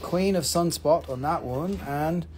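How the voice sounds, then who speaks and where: A man's voice: on the high side, measured pace, darkish tone, slight background noise. A man hosting a live stream that sells rocks, chatting in a profane, rambling way and laughing often. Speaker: host of a live rock sale. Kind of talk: live-stream sales chat.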